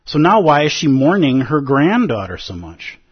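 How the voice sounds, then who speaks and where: A man's voice: on the high side, very animated, moderate pace, breathy edge, voice pushed up. A man reading a preachy old priest. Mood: admonishing. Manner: lightly raised, admonishing reading. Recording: dull lo-fi recording.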